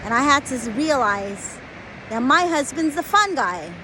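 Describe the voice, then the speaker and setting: A woman's voice: high voice, expressive, measured pace, background noise. A woman in her forties, an acupuncturist, giving blunt, emphatic advice through a conversational story.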